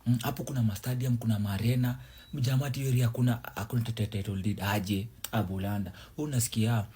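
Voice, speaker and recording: A Kenyan man ranting in street slang, fast and emphatic with stammers. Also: mid-range voice, fairly even intonation, mellow, slightly rough. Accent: Kenyan, Sheng slang. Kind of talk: street-slang social media rant.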